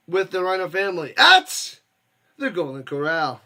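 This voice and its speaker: A man with a high, forceful voice calls the game live for his stream. He chats casually with viewers between plays and erupts into shouts when something big happens. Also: very animated, moderate pace, vocal fry. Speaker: watch-party streamer and host. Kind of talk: casual live play-by-play commentary.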